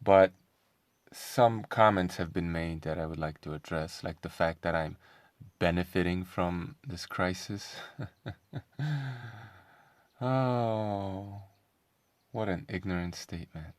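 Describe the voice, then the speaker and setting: A man's voice: low-pitched, dry recording. A man talking in a casual commentary vlog, sarcastic and combative, firing off rhetorical questions. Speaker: online commentator.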